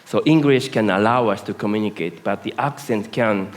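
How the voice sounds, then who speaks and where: A man speaking on a conference panel, halting and full of hesitations. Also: fairly low pitch. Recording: reverberant conference hall.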